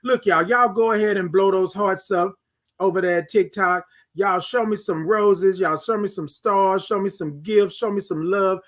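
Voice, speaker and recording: High-voiced Texan man hosting a live stream. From Texas. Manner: animated, sings out drawn-out greetings. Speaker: host. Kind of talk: live-stream morning show chat.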